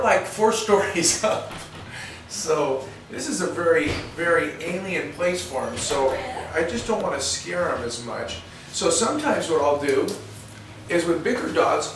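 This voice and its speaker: A man, a veterinarian, explaining and demonstrating in a folksy, rambling way full of restarts, recorded in a clinic exam room. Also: on the high side. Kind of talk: instructional demonstration. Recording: roomy, distant, faint noise.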